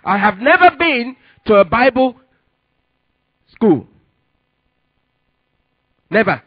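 A man preaching a sermon and telling his testimony, with emphatic delivery that rises to sudden loud peaks. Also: extremely high pitch, sing-song, slow pace, no room sound, highs cut off. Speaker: pastor.

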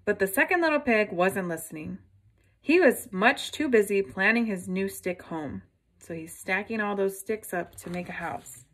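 A woman reading a picture book aloud to children, gently stopping to ask her listeners questions. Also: medium pitch, animated, normal speed.

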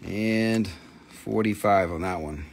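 A man's voice: on the low side, slow pace, slight background noise. A man hosting a live gemstone sale stream, calling out prices in blunt, casual patter and swearing freely.

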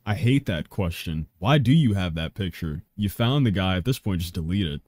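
A man's voice: on the low side, very animated, moderate pace, a little mellow, no echo, clean studio sound. A man hosting a reaction video, talking casually with blunt, profane, exasperated commentary.

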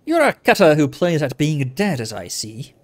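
A man voicing a sly, withered old male tiefling fence who leans on a crutch, mocking and quick to anger. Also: a little high, very animated. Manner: menacing, mocking, flares into fury.

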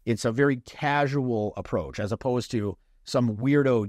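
A man coaching dating in a casual, blunt way, swearing freely and acting out quick mock lines. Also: medium pitch, lively intonation, darkish tone, dry recording, clean studio sound.

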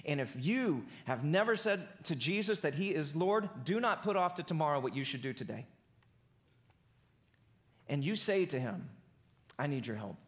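A pastor preaching a sermon in a church, talking casually and then building to emphatic peaks. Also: male voice, on the high side, lively intonation, normal speed. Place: church auditorium.

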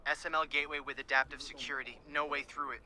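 An actor voicing a calm, methodical hacker in a video game. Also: male voice, fairly high pitch. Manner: measured, technical.

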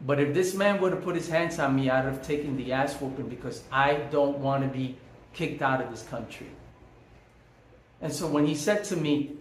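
A man's voice: medium pitch, normal speed. Emphatic man telling a story in an echoey room. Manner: emphatic, preachy, repeats phrases for effect. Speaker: vlogger. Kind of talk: personal storytelling monologue. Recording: echoey room, faint background hum.

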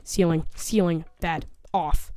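A woman's voice: lowish voice, steady tone, takes it slowly, dark tone, clear, resonant tone, no room sound, clean studio sound. Jumpy woman narrating her gameplay. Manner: jumpy, nervous, chattering to herself and the game. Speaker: gaming video host. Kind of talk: let's play commentary.

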